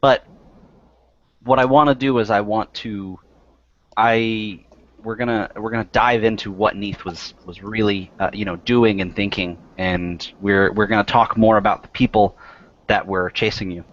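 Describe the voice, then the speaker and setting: A man's voice: on the low side, fairly even intonation, moderate pace, no echo. A man running a tabletop game as game master, rambling and interrupting himself as he sets up the next scene. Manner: rambling, self-interrupting, friendly asides. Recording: dry, muffled lo-fi recording.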